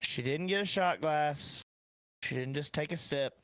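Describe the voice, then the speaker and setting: A man's voice: on the high side, unhurried, fairly bright tone, smooth, no echo. A man with a Midwestern American accent hosting a casual podcast, telling family stories in a laid-back way with swearing. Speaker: podcast host.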